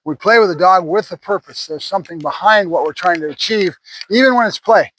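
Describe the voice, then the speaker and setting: A man's voice: high-pitched, fairly quick, a bit bright, slight background noise, rough recording. A man who works as a dog trainer explains puppy training in a casual way, often adding "right?" as he talks. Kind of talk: casual instructional talk while training a puppy.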